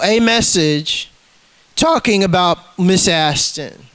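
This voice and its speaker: High-voiced man ranting with profanity. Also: lively intonation, slow pace, a bit bright, dry recording, low-quality recording. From United States. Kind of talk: profane rant to camera.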